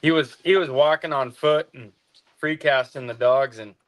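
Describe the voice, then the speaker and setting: A man's voice: mid-range voice, moderate pace, fairly bright tone. A man who works as a hunting guide, telling stories in a laid-back way with dry humor. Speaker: hound hunting guide, co-host. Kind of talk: casual storytelling chat.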